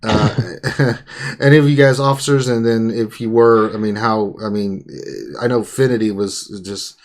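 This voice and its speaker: A man's voice: mid-range voice, a little slow. A man hosting a live online Q&A stream, chatting casually and teasing his co-hosts. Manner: playful, teasing, animated.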